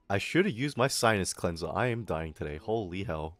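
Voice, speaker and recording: A man's voice: low voice, fairly bright tone, dry recording. A young Australian man chatting casually on a livestream, rambling, swearing and laughing often, his throat a little irritated. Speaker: VTuber streamer.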